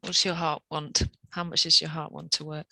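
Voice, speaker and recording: Gravelly, bright-toned woman coach. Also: low voice, flat delivery, moderate pace, dry recording, poor audio. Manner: encouraging, probing questions, short affirmations. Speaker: life coach. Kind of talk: coaching conversation.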